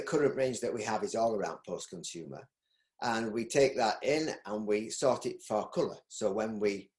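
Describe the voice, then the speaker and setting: This interview guest, a middle-aged business owner from Yorkshire, has a fairly low, darkish voice. He chats loosely in a casual interview, restarting sentences and using plenty of ums, against a roomy echo.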